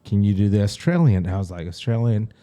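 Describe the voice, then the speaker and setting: A man with a mellow, warm voice co-hosts a casual podcast. He tells stories with lots of laughter and acts out the voices of the people in them. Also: on the low side, fast talker. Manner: animated storyteller, laughs often, acts out quotes. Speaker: podcast co-host. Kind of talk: casual chat.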